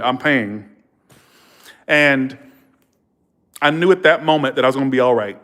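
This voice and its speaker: A man's voice: mid-range voice, a little fast, long pauses. A man, a tarot reader hosting a livestream, telling stories with feeling and swearing freely. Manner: animated, emotional, swears freely; thanks viewers warmly and repeatedly. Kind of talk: casual livestream storytelling.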